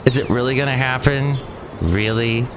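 This Californian-accented podcast host talks at a normal speed in a medium-pitched voice full of lively intonation. He delivers a wry, rambling, chatty monologue, with traffic noise in the background.

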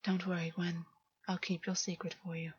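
A woman voicing a hushed brooding king. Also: lowish voice, flat delivery, moderate pace, husky. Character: brooding fae king, man, soft and commanding. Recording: dull lo-fi, dry.

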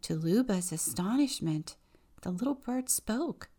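A woman deacon reading a children's picture book aloud in a measured, expressive way. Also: mid-range voice.

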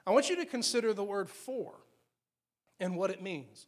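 A high-pitched man delivering a sermon to his congregation. He speaks earnestly, dropping soft and then rising to strong emphasis on key points, and slows down when reading scripture aloud. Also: expressive. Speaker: pastor.

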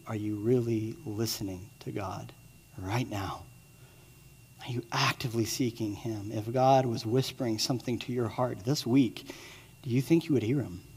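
A man in his thirties giving a sermon as pastor, moving between lively storytelling and quiet, earnest appeals to the listeners. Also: medium pitch, husky, long reverb tail. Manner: swings from excited storytelling to hushed earnest appeals.

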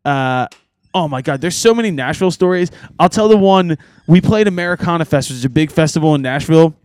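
A man on a podcast casually telling band road stories, animated and swearing, laughing often. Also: on the high side, quick pace, dry recording. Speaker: podcast co-host and band member. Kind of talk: casual storytelling chat.

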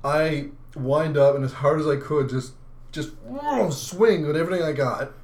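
A man co-hosting a podcast, telling an animated story and laughing often, a little sick and chewing lozenges. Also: a little high, normal speed. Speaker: podcast co-host. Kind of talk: casual chat.

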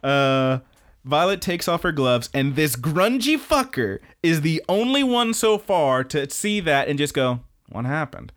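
A man's voice: on the high side, big pitch swings, unhurried, a bit bright. A man co-hosting a podcast, casually recapping episodes in a rambling, profane way and laughing often. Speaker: podcast co-host.

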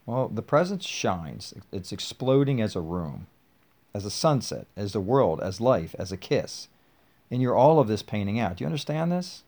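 Low-voiced man chatting casually. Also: expressive, moderate pace, darkish tone. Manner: loose, chatty, with many fillers and restarts. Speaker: podcast host. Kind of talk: casual rambling chat.

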